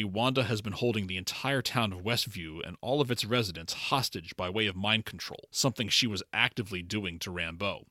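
A man's voice: fairly low pitch, sharp tone, no echo, studio quality. A man co-hosting a podcast, giving a chatty, opinionated episode recap and laughing now and then. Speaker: podcast co-host.

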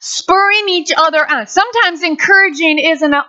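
A woman pastor preaching a sermon in an animated way, breaking into quick voices. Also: very high-pitched. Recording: dull lo-fi sound.

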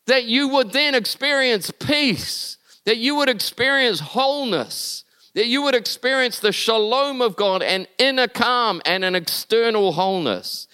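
A man preaching a sermon in an earnest way, building to emphatic peaks and then dropping soft and low. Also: expressive, unhurried, smooth. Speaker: pastor.

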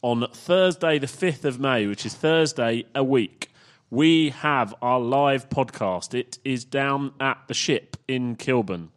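A man's voice: mid-range voice, slow. Chatty male podcast host. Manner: chatty, plugs the show with frequent ums. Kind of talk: casual podcast chat.

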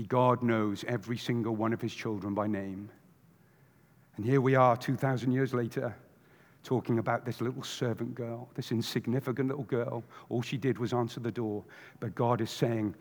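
Male preacher, expressive storyteller who shifts between loud and hushed, recorded in a big echoing sanctuary. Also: medium pitch. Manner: animated storytelling, acts out voices, swings from loud to hushed. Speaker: pastor. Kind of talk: sermon. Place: church sanctuary.

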